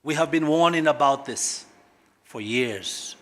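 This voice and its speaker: A middle-aged man from Kenya, a government guest speaker at a corporate launch, speaks emphatically and swings sharply between loud and quiet. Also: fairly high pitch, unhurried. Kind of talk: public speech at a corporate launch.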